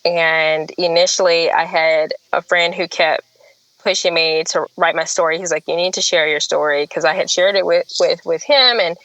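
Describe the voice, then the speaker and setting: A woman's voice: fairly low pitch, normal speed, no echo, dull audio. Earnest woman telling her story, dry sound. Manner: earnest, chatty, laughs often, animated when quoting others. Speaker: author and podcast guest. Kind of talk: candid storytelling interview.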